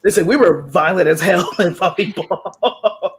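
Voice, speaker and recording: A woman from Texas chatting casually on a group video call, telling animated sports stories and swearing freely. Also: fairly low pitch, unhurried, a little hiss or hum. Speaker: writing sprint participant. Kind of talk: casual chat.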